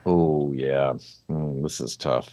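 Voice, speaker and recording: Low-voiced male podcast guest. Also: fairly even intonation, slow pace, dark tone. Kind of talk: casual chat.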